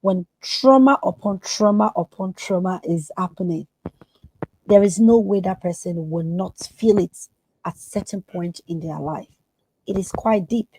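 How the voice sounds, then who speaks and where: A woman's voice: lowish voice, unhurried, dark tone, slightly rough, no echo, low-quality recording. A woman therapist speaking as a podcast guest, earnest and emphatic. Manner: emphatic, acts out quoted voices.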